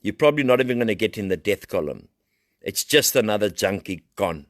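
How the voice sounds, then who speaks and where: A middle-aged man with a South African accent giving an impassioned recovery share. He preaches and climbs into loud, high-pitched pleading. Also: expressive, fairly quick, no echo, studio quality. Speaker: recovery program founder.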